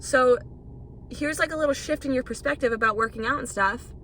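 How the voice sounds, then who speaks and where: A woman's voice: high voice, a little fast, a bit bright, slight background noise. A young woman hosting a casual solo podcast, rambling and swearing freely as she talks. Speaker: podcast host.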